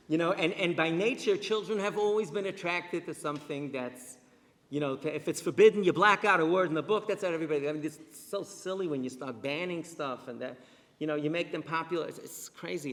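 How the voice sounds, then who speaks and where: A middle-aged man, a rabbi, giving a lively storytelling talk to a live audience and repeating phrases for emphasis. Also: on the high side, brisk. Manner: animated, repeats himself for emphasis. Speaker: rabbi and speaker. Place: synagogue hall with a live audience. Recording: long reverb in a synagogue hall.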